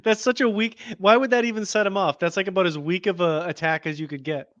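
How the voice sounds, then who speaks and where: A man's voice: high voice, fast, a bit bright, no room sound. A man co-hosting a sports podcast, bantering casually and joking defensively. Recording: dull lo-fi audio.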